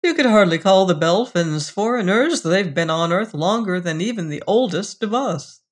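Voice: medium pitch, expressive, moderate pace, lightly acted. A reader voicing an earnest, uneasy young man who speaks insistently.

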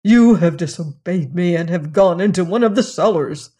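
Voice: medium pitch, normal speed, dark tone, breathy edge, close to an everyday voice. A storyteller voicing a stern, threatening master. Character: stern, harsh male master, grown man.

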